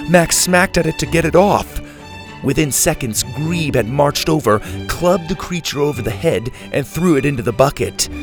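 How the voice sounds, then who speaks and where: A man narrating a children's adventure story in an expressive read-aloud manner. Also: medium pitch.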